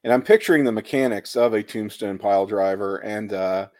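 A man's voice: fairly low pitch, brisk, darkish tone, dry recording, studio quality. A man hosting a podcast, asking wry, teasing questions in a casual chat. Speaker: podcast host.

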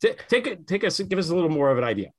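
A man's voice: fairly high pitch, sing-song, very fast. A man hosting his podcast, speaking earnestly and emphatically, sometimes rambling as he interviews a guest. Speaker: podcast host.

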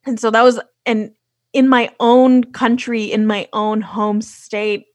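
A woman's voice: fairly high pitch, little pitch movement, slow, no room sound. A young woman from the United States, a podcast guest, talking casually with lots of fillers and restarts. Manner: storytelling with many fillers and restarts. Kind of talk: casual conversation.

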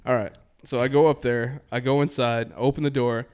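A man telling a long trip story in casual podcast chat, animated, acting out quoted exchanges. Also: mid-range voice, moderate pace, clear, resonant tone.

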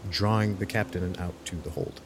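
Low-voiced man planning moves aloud. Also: noisy background. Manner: deliberate, plans his character's moves out loud. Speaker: player. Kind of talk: tabletop game play.

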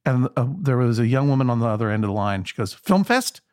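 A man's voice: mid-range voice, steady tone, racing, a little mellow, smooth. A middle-aged man guesting on a talk show, telling dry, wry anecdotes and acting out the people in them. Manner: dry, wry storyteller who acts out quoted voices. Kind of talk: casual storytelling chat.

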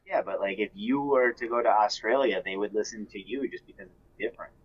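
Low-voiced man on dull lo-fi audio. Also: brisk. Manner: rambling with fillers and repeats. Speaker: podcast co-host. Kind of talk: casual chat.

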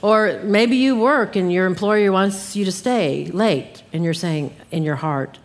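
A middle-aged woman Bible teacher giving an emphatic, animated sermon straight to her listeners. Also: medium pitch, a little slow, few pauses. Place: church hall at a live conference. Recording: live church hall with long reverb.

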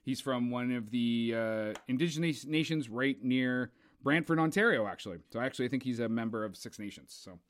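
A man's voice: mid-range voice, fairly quick. A man chatting casually about film awards, rambling with lots of fillers. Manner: rambling, filler-heavy, enthusiastic. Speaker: co-host.

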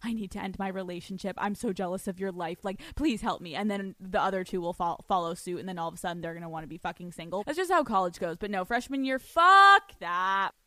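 With a medium pitch, a quick pace and few pauses, a young woman podcast host gives casual, profane advice, answering listener letters and telling stories with blunt animation. No room sound comes through, and the studio audio is clean.

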